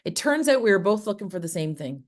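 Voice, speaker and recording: A fast-talking woman with a mid-range voice and big pitch swings presents an online workshop on farmer wellbeing from Prince Edward Island, Canada. It's interactive and engaging: she asks the audience questions and acts out example phrases.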